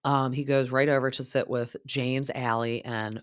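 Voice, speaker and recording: A woman's voice: a bass voice, fairly even intonation, normal speed, clear, resonant tone, dry recording, clean studio sound. A woman in her thirties hosting a podcast, chatting casually and gossipily in a TV recap, filling her talk with "like". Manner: chatty, gossipy, heavy use of "like". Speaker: podcast host.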